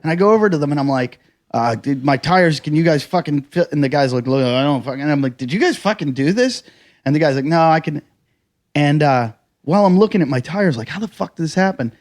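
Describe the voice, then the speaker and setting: A man from the United States, a comedian and podcast host, telling a story in casual chat, swearing often and bursting into shouted quotes. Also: a little high, quick pace.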